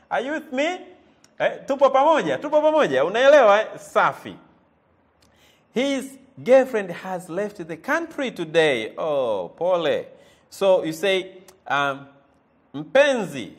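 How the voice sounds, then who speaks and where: A man teaching a language lesson, repeating words and quizzing the listener with "eh?" as he goes. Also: sits high. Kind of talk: lively spoken language lesson.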